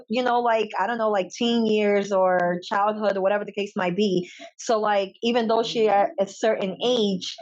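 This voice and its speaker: A woman's voice: mid-range voice, lo-fi sound. A woman guest on a podcast, giving blunt, opinionated views in casual chat.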